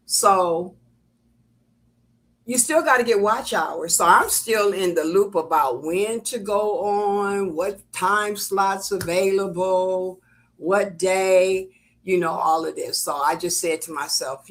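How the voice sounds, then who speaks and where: A woman's voice: medium pitch, slow pace. An older woman hosting a crafting live stream, chatting casually and rambling with lots of ums and uhs. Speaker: crafting channel host. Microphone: computer webcam setup.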